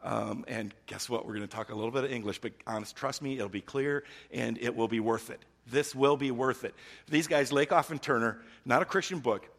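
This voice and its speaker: A middle-aged man preaching a sermon, swinging from loud, urgent emphasis down to a hushed near-whisper. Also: mid-range voice, a little fast, creaky, few pauses. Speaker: pastor.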